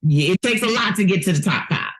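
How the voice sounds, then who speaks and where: A woman hosting a casual interview, effusive and chatty with quick backchannels. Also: mid-range voice, lively intonation, breathy edge, rough recording. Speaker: podcast host, interviewer.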